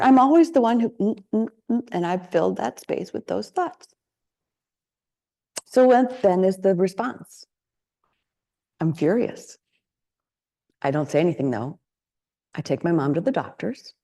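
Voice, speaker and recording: Mellow-voiced woman giving a dharma talk. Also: low-pitched. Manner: reflective, candid, asks many questions. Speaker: meditation teacher.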